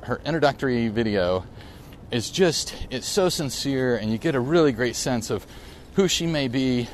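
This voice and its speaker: With a mid-range voice and a slight hiss or hum in the audio, a man in his late forties hosts a casual solo podcast while riding outdoors through a park. He talks in a rambling, reflective way, often correcting himself.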